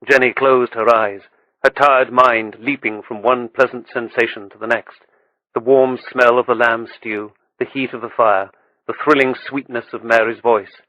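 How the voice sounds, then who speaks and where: A man reading an audiobook with steady, measured storytelling. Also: medium pitch, no echo, muffled recording. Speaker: audiobook narrator. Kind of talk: scripted audiobook narration.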